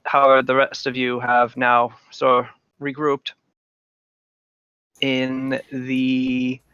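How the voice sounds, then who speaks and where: A man narrating a tabletop game as game master, halting with many ums and uhs. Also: medium pitch, monotone, sharp tone, clean tone, no echo, highs cut off.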